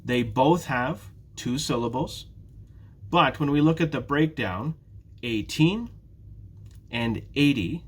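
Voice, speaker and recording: A man in a prerecorded English lesson for beginners, pacing himself so that students can follow. His voice sits at an ordinary middle pitch, and he says each example word more than once. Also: slightly rough. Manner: slow, careful, repeats words for students. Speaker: ESL teacher.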